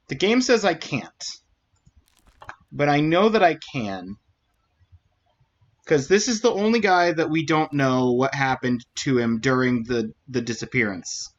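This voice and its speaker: A man's voice: medium pitch, fairly bright tone, highs cut off. A man streaming a mystery game, thinking aloud and humming to himself as he works through it. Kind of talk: let's-play commentary.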